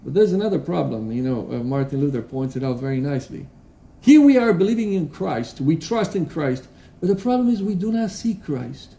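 A man preaching a sermon in a church, earnest and halting, with restarts and fillers, reading quotations aloud with emphasis. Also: on the high side, big pitch swings, vocal fry, dark tone. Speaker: pastor. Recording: roomy echo.

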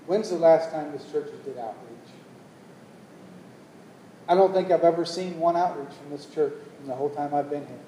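Man preaching, high voice, mellow tone, roomy church echo. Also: moderate pace, long pauses, recorded from a distance, slight background noise. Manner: preaching, building to loud emphatic calls. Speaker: pastor. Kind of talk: sermon. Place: church hall. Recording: echoey hall, long reverb.

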